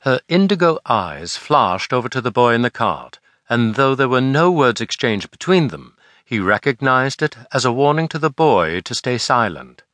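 A man narrating a historical novel as an audiobook, expressive storytelling. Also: medium pitch, moderate pace, no echo.

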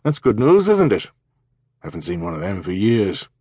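Storybook figure, man voicing young constable, good-natured, teasing, slightly husky. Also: fairly low pitch, wildly swooping pitch, normal speed, dark tone, dry recording, studio quality, full character voice. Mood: friendly. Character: friendly young Welsh village constable.

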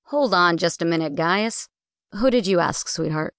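A kind, patient young man, as a woman narrator reads him in an audiobook. He speaks gently and encouragingly in a smooth, dry voice. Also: fairly low pitch, animated, moderate pace, no echo. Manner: gentle, soothing.

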